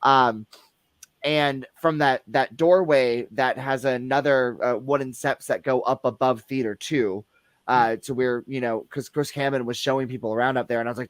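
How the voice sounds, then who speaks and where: A man's voice: mid-range voice, steady tone, moderate pace, dry recording. A man, a guest who works at a movie theater, chatting casually and telling stories with lots of fillers. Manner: rambling storyteller with many fillers. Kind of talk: casual podcast chat.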